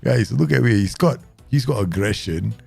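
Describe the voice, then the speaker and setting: A man, excitedly commenting on his own football management game for viewers. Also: fairly low pitch, normal speed, creaky, breathy edge, faint music behind. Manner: excitable, laughs often, talks to viewers. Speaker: gaming YouTuber.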